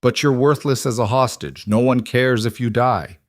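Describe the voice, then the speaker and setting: A man's voice: medium pitch, normal speed, dry recording, studio quality, pitched above the performer's own voice, natural voice. A man voicing a cornered male villain with a foreign accent, who makes cold, clipped threats in an audiobook thriller. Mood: desperate.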